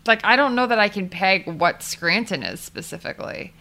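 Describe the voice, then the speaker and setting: Bright-voiced woman podcast co-host. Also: medium pitch, animated, moderate pace. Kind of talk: casual podcast chat.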